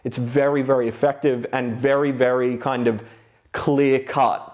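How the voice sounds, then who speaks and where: A man's voice: mid-range voice, little pitch movement, a little slow, a little mellow. A man co-hosting a film podcast, talking thoughtfully and analytically, often restarting his sentences. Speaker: podcast co-host. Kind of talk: casual film discussion.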